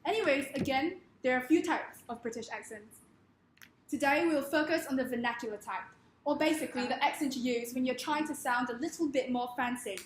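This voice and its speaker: A woman giving a comedic presentation in a wry, deadpan manner. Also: high-pitched, brisk, echoey room, a little hiss or hum.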